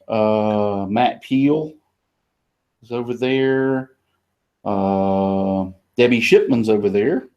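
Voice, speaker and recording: A man's voice: fairly low pitch, very slow, long pauses, a little mellow, clean tone, dull audio. A man from Florida with a Southern drawl, hosting a casual panel chat in a folksy, chatty way. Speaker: host.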